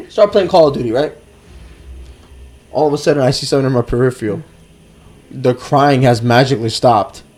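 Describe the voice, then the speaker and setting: A man telling a story in casual podcast chat, animated, swearing a lot and leaning on "like". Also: mid-range voice, normal speed, pauses often. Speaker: podcast co-host.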